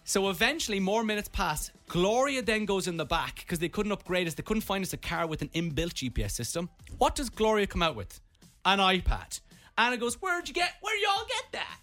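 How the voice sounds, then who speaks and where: Irish radio host, young man, lively storyteller, slightly high voice, with faint music behind him. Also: brisk. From Ireland. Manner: animated, comic storytelling.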